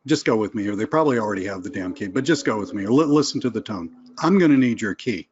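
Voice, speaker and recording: A man's voice: lowish voice, lively intonation, very fast, lo-fi sound, a little hiss or hum. A man teaching a sales webinar, casual and conversational, acting out phone calls as examples. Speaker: sales trainer. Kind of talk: live webinar teaching with role-play calls.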